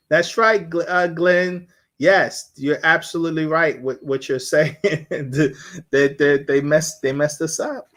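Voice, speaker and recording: Slightly high-voiced man lecturing casually. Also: steady tone, slow, a bit bright. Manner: rambling, repeats himself, sounds out syllables. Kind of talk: casual live-streamed lecture.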